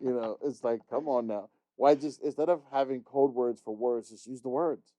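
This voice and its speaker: A man's voice: medium pitch, moderate pace, dark tone, dry recording. A middle-aged man co-hosting a casual podcast chat, ranting bluntly with lots of swearing. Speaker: podcast co-host.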